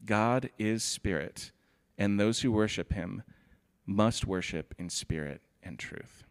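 Male pastor, lower voice, sermon delivery, steady reading mixed with casual asides. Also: takes it slowly. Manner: reads scripture steadily, then comments in a relaxed, chatty way with "like".

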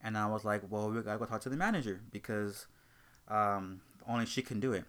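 A young man hosting a casual talk show tells an animated story about a rude customer, acting out both sides of the argument. His voice is on the low side and he talks a little fast.

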